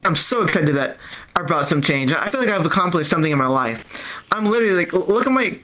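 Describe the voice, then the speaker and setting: A man's voice: on the high side, animated, quick pace, bright, forceful tone, low-quality recording. A man doing open mic stand-up, rambling and stammering through a profane story while acting out the people in it. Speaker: stand-up comedian. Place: comedy club stage.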